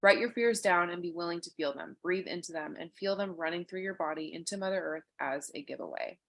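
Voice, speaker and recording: Bright-voiced woman reading aloud. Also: on the low side, fairly quick, creaky. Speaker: guest. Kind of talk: reading a story aloud and chatting.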